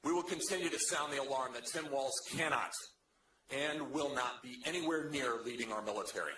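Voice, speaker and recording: Man giving a forceful rally speech. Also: mid-range voice, fairly quick. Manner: forceful, rousing oratory. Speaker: veteran speaking at a rally. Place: large room with a crowd. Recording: echoey hall with noise.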